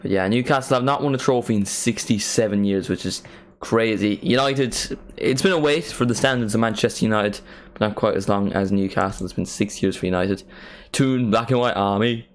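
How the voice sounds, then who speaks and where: A man's voice: on the low side, a little fast, few pauses. A man with an Irish accent hosting a football watchalong stream, chatting casually in a rambling, self-mocking way. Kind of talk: casual live-stream chat.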